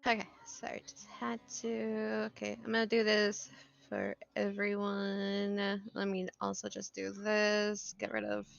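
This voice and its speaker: A woman's voice: medium pitch, completely flat delivery, measured pace, vocal fry. A woman running a tabletop game as game master, narrating with plenty of hesitations and fillers. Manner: hesitant, lots of "um" and "like". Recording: lo-fi with faint background music.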